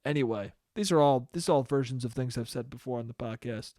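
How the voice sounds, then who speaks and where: A young man hosting a solo podcast, ranting with animated energy, swearing often and mocking people's voices. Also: mid-range voice, fast talker, no room sound, studio quality. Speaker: podcast host.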